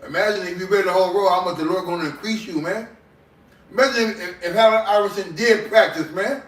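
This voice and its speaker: A man leading a casual faith group discussion, exhorting the others in a preachy way and filling pauses with strings of "um". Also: sits high, fairly bright tone. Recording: echoey room, mic far off.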